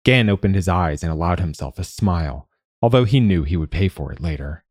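A man reading a novel aloud in measured, steady scripted narration. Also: low voice, no echo, clean studio sound. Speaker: audiobook narrator.

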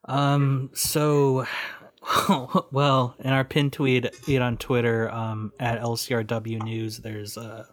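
A man's voice: mid-range voice, little pitch movement, takes it slowly. A man being interviewed on a podcast, talking bluntly with many fillers and restarts. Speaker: guest, independent researcher running a news project.

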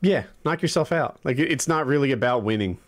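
A man's voice: medium pitch, animated, brisk. Rambling man in casual podcast chat. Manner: rambling, lots of fillers. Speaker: podcast co-host.

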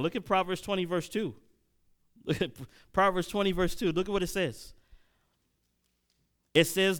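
A man leads Bible study as a preacher, with a smooth, resonant voice that sits a little high. He reads verses slowly, then rushes ahead and asks the room to answer him. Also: lively intonation. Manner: reads scripture slowly, then preaches fast with questions to the congregation. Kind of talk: sermon-style Bible teaching.

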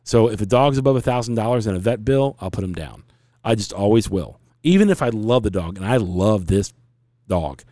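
Earnest, low-voiced man telling a story. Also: animated, a little fast, dark tone, dry recording, studio quality. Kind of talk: casual storytelling chat.

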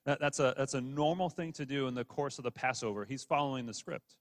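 A man's voice: mid-range voice, fast. Man preaching in a reverberant hall. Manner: conversational, with many repeated words and restarts. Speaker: pastor. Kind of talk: sermon.

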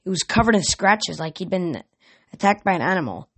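A man's voice: high voice, lively intonation, a little fast. A young man reading a novel aloud as an amateur reader, plain delivery with small slips and restarts.

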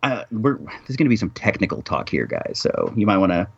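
A man co-hosting a podcast in casual chat, animated and joking, rambling through bits. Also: on the low side, brisk, creaky, breathy edge, dull audio. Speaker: podcast co-host.

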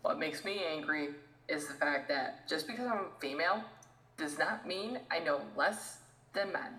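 Animated, lively-pitched woman ranting in echoey room. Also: a little slow. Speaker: podcast co-host. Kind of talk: casual podcast rant.

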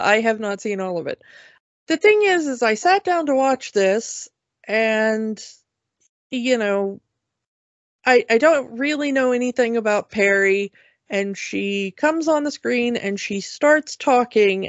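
A woman's voice: fairly high pitch, lively intonation, slow pace, no room sound. A woman co-hosting a podcast, chatting casually and telling a story with frequent restarts. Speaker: podcast co-host. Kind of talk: casual chat. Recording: dull lo-fi sound.

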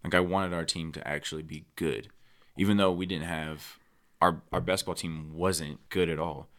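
A man's voice: deep voice, steady tone, normal speed, a bit bright. A man co-hosting a podcast, talking bluntly and heatedly with heavy swearing in casual chat. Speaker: podcast co-host.

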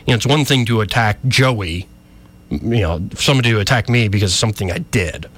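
A man hosting a local talk radio show, ranting with a wry, animated manner, in a radio studio. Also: on the low side, a little fast, husky.

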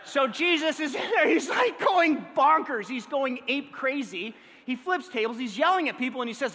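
A man preaching a sermon in a lively, conversational way, often checking in with his listeners. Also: extremely high pitch, moderate pace, long reverb tail. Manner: energetic, conversational, checks in with the audience. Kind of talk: sermon teaching.

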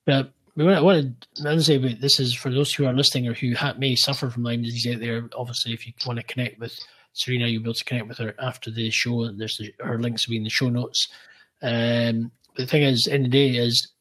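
A man's voice: mid-range voice, little pitch movement, fast talker, a bit bright, poor audio. Guy hosting a podcast, casual, stumbles and restarts sentences a lot, normal mid voice. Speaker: podcast host.

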